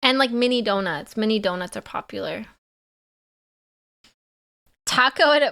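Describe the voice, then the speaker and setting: A woman's voice: fairly high pitch, expressive, normal speed, vocal fry, long pauses, sharp tone. A woman streamer with a Canadian accent, chatting playfully with her viewers and laughing often. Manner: playful, giggly, talks back to chat. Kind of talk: casual live-stream chat with viewers.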